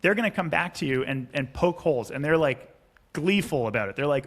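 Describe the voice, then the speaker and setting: A man's voice: medium pitch, moderate pace, fairly bright tone. A man, a startup founder, talking casually as a podcast guest, acting out investor and founder lines and swearing freely. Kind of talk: casual explanatory interview talk.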